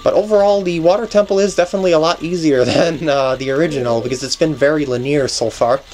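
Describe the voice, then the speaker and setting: A man's voice: on the high side, fast talker, darkish tone, soft background music. A man hosting a let's play, giving casual gameplay commentary as he thinks aloud, often restarting sentences and chuckling.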